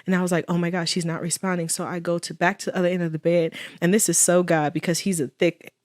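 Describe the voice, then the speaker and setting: A woman's voice: on the low side, level tone, quick pace, a little mellow, no echo, clean studio sound. A woman guest in an interview telling a personal story with earnest faith and quoted dialogue. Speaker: guest, widow.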